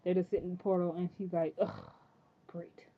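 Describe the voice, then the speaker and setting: An excitable woman chats through a TV episode recap, gushing and talking in quick loose bursts. Her voice sits a little low, and the sound is thin and tinny as if through a phone line. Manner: chatty, excitable, says "freaking" often. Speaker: TV episode reviewer. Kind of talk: casual recap chat.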